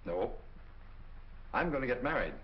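A young actor playing a headstrong, defiant son, in 1940s film acting. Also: male voice, medium pitch, very animated, lightly acted. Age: young adult. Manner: defiant, quick, emphatic. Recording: dull old film soundtrack.

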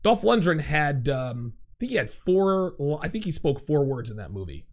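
A man in his forties hosting a live call-in show, talking in an animated, emphatic way and repeating his phrases. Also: on the high side, normal speed. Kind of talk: casual call-in chat.

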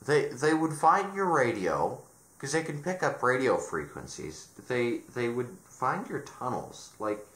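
A man's voice: medium pitch, very animated, unhurried, fairly bright tone. A man ranting sarcastically in a show review, exasperated and often restarting his sentences, in a roomy recording. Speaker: video reviewer. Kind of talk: ranting commentary. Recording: roomy echo.

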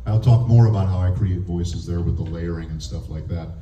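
A man who is a voice actor and speech teacher, giving a lively, demonstrative convention panel talk and laughing often. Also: sits low, fairly quick, lo-fi sound, slight background noise. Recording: echoey room heard from a distance.

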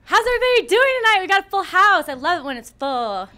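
A woman's voice: very high voice, very animated, fast talker, sharp tone. A woman co-hosting a radio talk show, bubbly and bawdy, teasing the guests in casual banter. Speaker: co-host. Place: radio studio.

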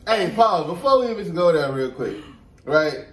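Guy on a couple vlog telling a story, kinda high voice, playful, echoey room. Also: normal speed. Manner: animated, playful, acts out quotes. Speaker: vlog co-host. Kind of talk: casual storytelling chat. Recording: roomy echo, distant mic.

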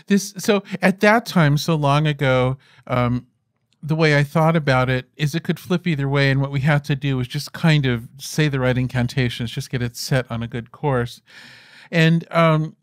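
A man's voice: fairly high pitch, measured pace, dry recording, studio quality. A man in his fifties, an interview guest telling stories in a rambling way, with many restarts and fillers. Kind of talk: conversational storytelling on stage.

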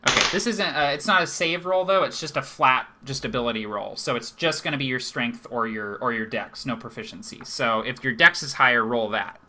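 A man's voice: medium pitch, fairly quick, hardly any pauses, sharp tone. A man narrating a live tabletop game as game master, chatty and laughing often, with lots of fillers.

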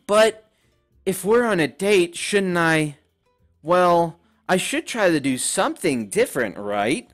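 A man voicing a shy, timid young female pony in a game, with a soft, hesitant, stammering delivery. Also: a little high. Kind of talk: reading game dialogue aloud.

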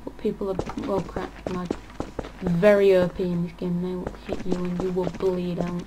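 With a low-leaning, monotone voice at a moderate pace, a woman offers relaxed gameplay commentary for her channel. She muses out loud and frequently leaves sentences unfinished; background noise is audible.

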